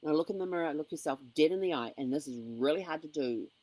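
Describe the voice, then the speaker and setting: A woman with a low, warm voice and lively intonation talks fast in an upbeat, encouraging motivational vlog to camera, saying "um" often. The low-quality recording has no room sound.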